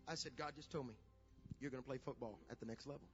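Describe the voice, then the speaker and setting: A middle-aged pastor telling a family story in a sermon, building from quiet storytelling to shouted preaching. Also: male voice, mid-range voice, fast talker, soft background music. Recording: dull lo-fi sound.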